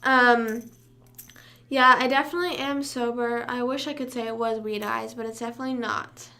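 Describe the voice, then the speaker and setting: A young woman rambles casually to her livestream chat. Her voice sits a little high and sounds bright and forceful. She wanders off topic and hums to herself between remarks. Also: fairly even intonation, moderate pace. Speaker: livestream host.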